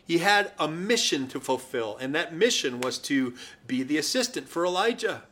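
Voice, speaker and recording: A man's voice: fairly high pitch, lively intonation, normal speed, a bit bright. A male preacher delivering a sermon, retelling the story with wry asides.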